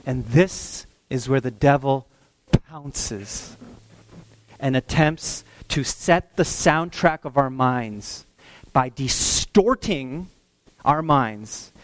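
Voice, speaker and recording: A man preaching a sermon, telling stories in an animated way and acting out the voices of the people in them. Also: medium pitch, extremely slow, no room sound. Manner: animated storytelling, acts out voices. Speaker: pastor.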